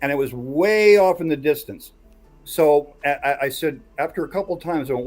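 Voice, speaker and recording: A man's voice: a little high, normal speed, faint music behind. A man hosting a casual podcast chat who builds suspense as he tells a story. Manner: builds suspense while recounting a tale.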